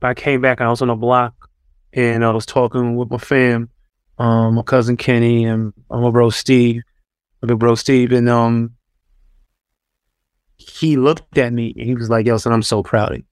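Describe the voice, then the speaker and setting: A man's voice: medium pitch, flat delivery, measured pace, pauses often, clear, resonant tone, no room sound, studio quality. A man, a former pro athlete, telling stories in a loose, casual interview style full of fillers and restarts. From New York. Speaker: guest, former pro basketball player.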